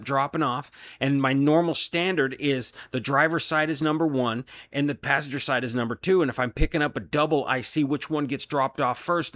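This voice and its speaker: A man's voice: mid-range voice, fairly bright tone, no room sound, clean studio sound. A man, a delivery driver, venting in an angry, profane solo rant about his job. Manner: profane, heated, frustrated.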